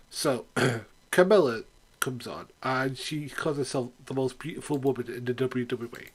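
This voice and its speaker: A man of middle pitch talks through a weekly wrestling review off the cuff. He rambles, restarts his sentences and drops sarcastic remarks, and he laughs at his own jokes. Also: slow pace, husky. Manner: rambling, sarcastic, with frequent fillers. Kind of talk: casual spoken review.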